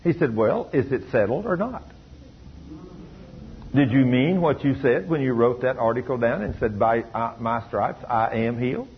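A man's voice: medium pitch, animated, moderate pace, highs cut off, a little hiss or hum. A man preaching a sermon, telling a story through quoted dialogue and rising to emphatic peaks.

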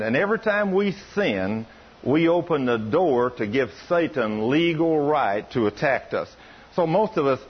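Male preacher, folksy storyteller, husky voice, dull radio sound. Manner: folksy, animated, rises high when quoting others. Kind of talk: sermon storytelling.

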